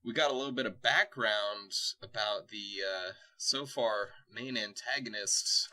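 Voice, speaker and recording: Young male podcast host, bright voice, casual joking storyteller. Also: fairly low pitch, measured pace. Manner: laughs often, loose and joking. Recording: podcast mic.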